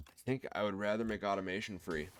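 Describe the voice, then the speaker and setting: A man with a Midwestern accent, casually commenting on his own card game run and thinking out loud to viewers. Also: lowish voice, fairly even intonation, quick pace. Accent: American Midwest. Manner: thinks aloud, explains card choices to viewers. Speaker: gameplay commentator. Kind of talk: relaxed let's-play commentary.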